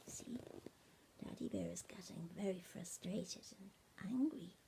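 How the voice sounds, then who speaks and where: At home, an older grandmother reads a bedtime story off a tablet to her grandchildren, softly, often sinking into a whisper and breaking off to ask them questions. She has a mid-range, sing-song delivery at a measured pace, captured on an iPad mini with slight hiss or hum.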